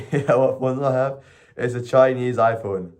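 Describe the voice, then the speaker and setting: A man's voice: mid-range voice, moderate pace, darkish tone. A young man chatting casually on a live stream, rambling, correcting himself and swearing often. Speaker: IRL streamer.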